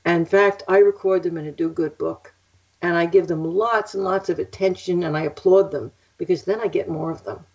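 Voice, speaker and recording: A woman's voice: lowish voice, fairly even intonation, moderate pace, a little mellow, husky. An older woman, a psychic guest, telling stories in a casual interview, chatty and laughing often. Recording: muffled lo-fi audio.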